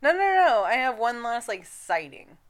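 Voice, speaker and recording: Giggly, lively-voiced woman podcaster. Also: fairly high pitch, normal speed. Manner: giggly, laughs often. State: high on cannabis. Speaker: podcast co-host. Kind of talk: casual chat.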